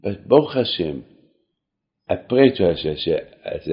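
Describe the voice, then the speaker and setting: A man with a very low, gravelly voice gives an earnest short sermon, circling back over his words and stumbling into restarts. The recording sounds dull and lo-fi. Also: animated. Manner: earnest, repeating phrases, halting restarts. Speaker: cantor and speaker. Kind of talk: short talk to a congregation.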